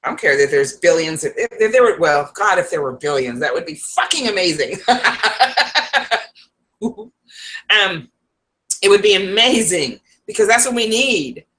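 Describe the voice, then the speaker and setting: A woman's voice: lowish voice, sing-song, measured pace, long pauses, fairly bright tone. Chatty woman livestreaming. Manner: chatty, frequent laughs and restarts. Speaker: psychic livestream host. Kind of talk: casual live-stream monologue. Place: at home.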